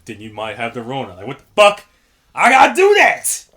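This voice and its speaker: Young male co-host, bright, bouncy storyteller who acts out voices. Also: medium pitch, brisk. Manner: animated storyteller, acts out quotes. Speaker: podcast co-host. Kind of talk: casual chat.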